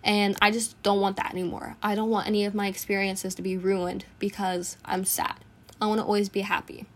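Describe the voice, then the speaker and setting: A teenage girl talks through a casual personal podcast monologue. She sounds earnest and reflective, with a voice of ordinary middle pitch, and her thoughts come out in short bursts. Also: flat delivery, fairly quick. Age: teens. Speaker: podcast host.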